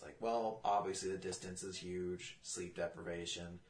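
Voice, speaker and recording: A man's voice: sits low, animated, moderate pace, few pauses, a little mellow, roomy sound. A man co-hosting a comedy podcast in casual chat, laughing often and making silly noises. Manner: giggly, often laughing, breaks into brr sounds. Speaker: podcast co-host.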